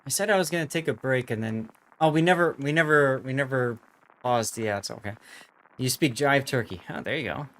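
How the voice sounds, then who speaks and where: A man's voice: medium pitch, brisk, a bit bright. A man streaming a naval battle game, chatting casually with viewers, laughing often and repeating his words.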